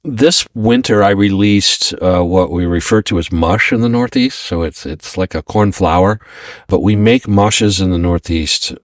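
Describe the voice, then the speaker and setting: Deep-voiced middle-aged chef, slightly off-mic. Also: male voice, a little slow, no room sound, studio quality, distant mic. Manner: relaxed, talkative, with frequent ums and restarts. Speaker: chef and guest. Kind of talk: casual interview conversation.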